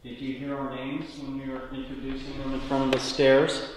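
A man's voice: mid-range voice, completely flat delivery, a little fast, background noise. Young man coaxing spirits in an echoey hall. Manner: coaxing, pleading politely with spirits. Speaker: paranormal investigator host. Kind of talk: casual ghost-hunting narration. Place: large old ballroom and hallways of a historic saloon building, indoors. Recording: echoey hall with long reverb.

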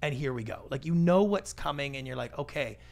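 A middle-aged man speaks as a guest on an interview podcast, with a gravelly, creaky edge on his voice. He talks casually and animatedly and slips into the voices of the people he quotes. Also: mid-range voice, expressive, a little fast, a little mellow. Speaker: guest, pitch expert.

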